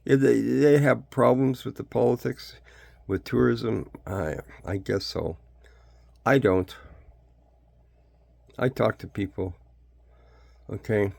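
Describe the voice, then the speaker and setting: A man's voice: medium pitch, steady tone, slow, gravelly, pauses often, a little mellow, dry recording. An older man from Canada talking in a blunt, folksy, rambling monologue that jumps between topics.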